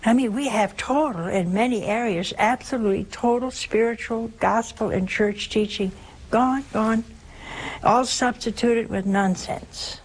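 A nun preaching a sermon in an earnest, storytelling way, asking rhetorical questions. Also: female voice, fairly high pitch, unhurried, rough recording.

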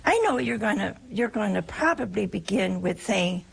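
An older woman from the United States, a religious sister giving an informal spiritual talk in a chatty, anecdotal and gently humorous way. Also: medium pitch, animated, moderate pace, vocal fry, husky.

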